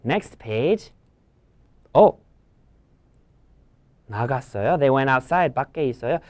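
A teacher with a Korean accent reads a children's English picture book aloud, slowly repeating phrases and explaining them in Korean. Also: medium pitch, big pitch swings, dry recording, clean studio sound.

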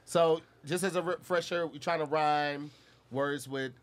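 A man hosting a podcast, joking around in a relaxed, slangy way. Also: on the high side, unhurried. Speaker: podcast host. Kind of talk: casual chat.

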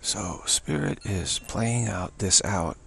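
Male spiritual teacher, low and gravelly, very husky, voice fading, halting monologue. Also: animated, fairly bright tone, slight background noise. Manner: halting, searching delivery with frequent restarts. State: voice fading to a whisper.

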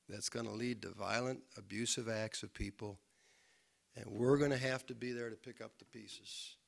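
A man preaching a sermon and leading prayer as a pastor in a church, moving between hushed, low lines and raised, fervent appeals. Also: vocal fry. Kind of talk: sermon with closing prayer and altar call. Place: church sanctuary.

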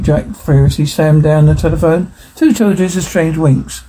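A man narrating an audiobook in a plain, steady reading with small slips. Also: fairly high pitch, moderate pace, hardly any pauses, husky, low-quality recording.

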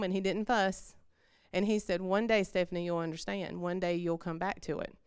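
A woman's voice: mid-range voice, a bit bright, smooth, no room sound, clean studio sound. A woman, telling her personal faith story in a church service in a conversational, heartfelt way. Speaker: church member giving testimony.

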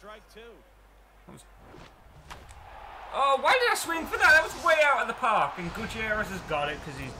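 An English man commenting excitably and cockily as he plays a baseball video game. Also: extremely high pitch, quick pace, few pauses, very noisy. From England. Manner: excitable, cocky, talks to himself. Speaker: let's play gamer. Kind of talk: live gameplay commentary.

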